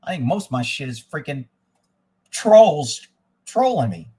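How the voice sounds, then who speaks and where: A man's voice: on the high side, very animated, measured pace, mellow, breathy edge. A middle-aged man ranting on a live stream, telling a story in a profane, exasperated way. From Texas.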